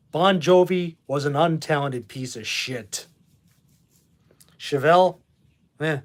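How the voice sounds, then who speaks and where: A man hosting a live stream from his room at home, reading chat and answering bluntly with plenty of swearing. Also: on the high side. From Boston. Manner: blunt, profane, quick to dismiss with a laugh. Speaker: livestream host reading chat. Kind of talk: casual livestream chat.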